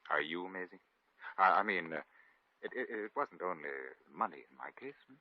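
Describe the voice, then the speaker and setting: An actor playing a posh, stammering English lord in a 1940s radio drama. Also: male voice, deep voice, expressive, moderate pace, slight background noise. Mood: earnest. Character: doting, bumbling English lord, young gentleman. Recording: lo-fi vintage radio recording.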